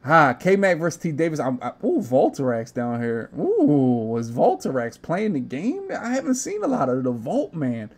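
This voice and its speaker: A man's voice: a little high, wildly swooping pitch, normal speed, hardly any pauses. A young man hosting a casual gaming podcast, talking brash, profane trash talk. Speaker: podcast host.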